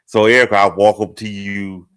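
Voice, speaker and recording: A man's voice: lowish voice, little pitch movement, moderate pace, a bit bright, clear, resonant tone. A middle-aged man hosting a casual group discussion, hesitant and self-mocking, joking his way through the topic. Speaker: talk show host.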